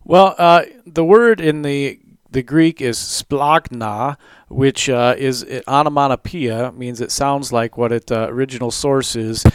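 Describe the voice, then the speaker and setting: A man, a pastor, explaining a Bible passage in a relaxed talk with many fillers. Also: medium pitch, unhurried, clean tone, dry recording.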